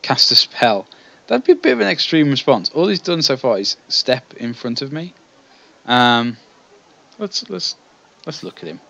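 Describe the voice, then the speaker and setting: A man's voice: mid-range voice, very animated, a little slow, creaky, pushed and bright, lo-fi sound. A man commenting on a text-based game, reading passages aloud and making chatty, self-deprecating asides. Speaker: let's play host.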